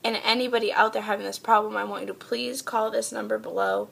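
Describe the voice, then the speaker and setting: A woman's voice: fairly high pitch, sing-song, quick pace, creaky, fairly bright tone, husky. A young woman talking earnestly and heartfelt in a personal vlog, pleading with her viewers. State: tearful. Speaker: vlogger.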